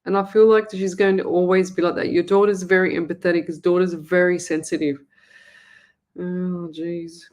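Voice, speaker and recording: A woman's voice: lowish voice, flat delivery, quick pace, few pauses, a little mellow. A woman hosting a live psychic reading show, talking to viewers in a rambling, chatty way with many restarts. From Australia. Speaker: psychic medium host.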